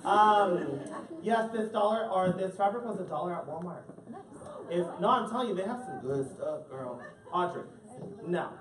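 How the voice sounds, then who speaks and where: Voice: mid-range voice, expressive. A drag queen reading a storybook aloud to children at a live event, teasing and joking with the audience and drawing out the rhymes. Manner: playful, teasing, jokey; reads rhyming lines slowly and sing-song. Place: indoor event space with families. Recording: echoey room from far off, loud crowd.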